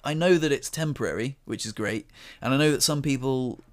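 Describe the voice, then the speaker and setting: A man's voice: medium pitch, brisk. A man on a podcast telling a personal story in casual chat, laughing often and acting out what people said. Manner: animated storyteller, acts out quotes, laughs often, swears. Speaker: podcast co-host.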